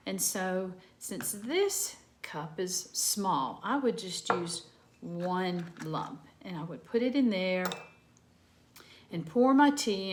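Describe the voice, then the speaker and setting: A woman, gently teaching a lesson to young children from home. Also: medium pitch. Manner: gentle, slow, talking to children. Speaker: preschool teacher.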